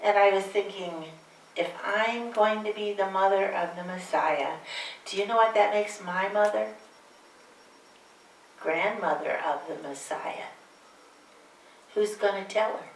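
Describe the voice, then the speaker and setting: An older Mary, played by a woman on stage spins her story with wry asides to the listeners. Her voice sits at an ordinary middle pitch. It comes from some distance in an echoey room. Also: measured pace, long pauses, slight background noise, close to an everyday voice. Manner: chatty, wry asides to the audience. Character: aged Virgin Mary, wry, homespun storyteller. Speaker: one-woman stage performer. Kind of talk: live character monologue.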